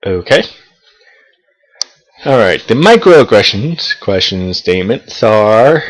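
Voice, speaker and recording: A man's voice: on the low side, very animated, slow pace, pauses often, low-quality recording. Young adult male vlogger; loose, profane, meandering delivery with hesitant restarts. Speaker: college student vlogger. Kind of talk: casual talking-head vlog. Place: South of the United States.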